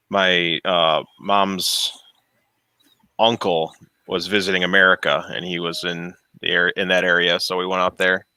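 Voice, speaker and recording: In a home workshop, a man streams while fixing printers, chatting casually, rambling, laughing often and trailing off as he hunts for words. His voice is low, sharp, clear and resonant, with no room sound.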